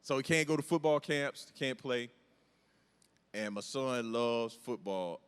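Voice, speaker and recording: In an unhurried, mid-range voice with a clean tone, a middle-aged comedian does stand-up in a large church hall, poking fun at himself. He's animated and tells stories. The large hall adds reverb.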